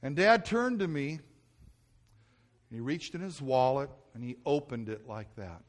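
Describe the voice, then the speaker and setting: A male pastor preaching earnestly and telling a personal story, often dropping to a soft, hushed voice and repeating himself when moved. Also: mid-range voice, unhurried. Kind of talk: sermon.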